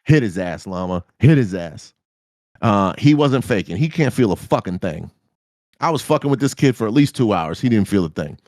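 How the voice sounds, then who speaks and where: Male podcast host, lively swooping pitch, profane storyteller, dry close sound. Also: normal speed, no room sound. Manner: animated, profane, jumps into high-pitched reactions. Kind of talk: casual storytelling.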